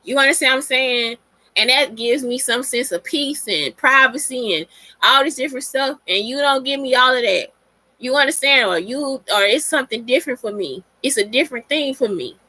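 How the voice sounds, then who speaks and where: Blunt, foul-mouthed woman host, bright voice. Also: sits high, moderate pace, no echo. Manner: blunt and profane, talks straight to listeners. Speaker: podcast host. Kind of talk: casual monologue answering listener questions.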